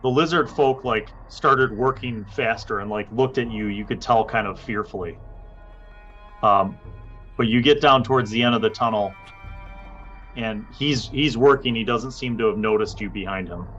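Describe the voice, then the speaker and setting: A man narrating as game master of a tabletop game, unhurried and with many fillers. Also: medium pitch, fairly bright tone, muffled recording, faint music behind.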